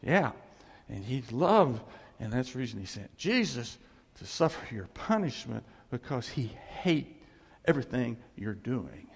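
A man's voice: mid-range voice, sing-song, unhurried, creaky, husky, big-room sound. A man preaching a sermon as pastor, conversational, with chuckles and asides to the congregation.

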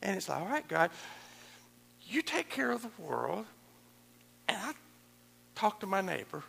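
Lively preacher guy, bright gravelly voice, big echoey church hall. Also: high-pitched, measured pace, slight background noise. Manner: animated, acts out quoted voices, chuckles. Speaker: pastor. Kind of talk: sermon. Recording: echoey hall with long reverb.

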